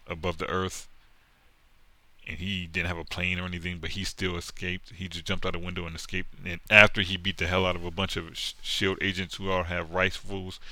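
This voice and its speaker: A man ranting casually about comics in a profane, animated, mocking way. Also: sits low, no room sound. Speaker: comic book commentator. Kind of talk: casual rant.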